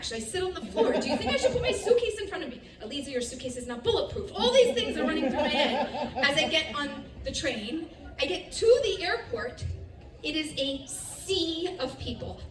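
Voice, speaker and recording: High-voiced woman telling a story on an echoey stage. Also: a little hiss or hum. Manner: animated, quoting others in her own voice, laughing often. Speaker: speaker giving a festival talk. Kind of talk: storytelling talk to a live audience. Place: festival stage. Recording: echoey venue, speaker heard from a distance with faint ambience.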